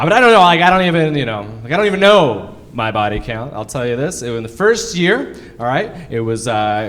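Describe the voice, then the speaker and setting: A man's voice: medium pitch, fairly bright tone. A man in his thirties doing a stand-up comedy set live on stage. He jokes about himself, chats with the crowd and chuckles through his own punchlines. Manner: self-deprecating, laughs through his punchlines; chatty crowd work with the audience.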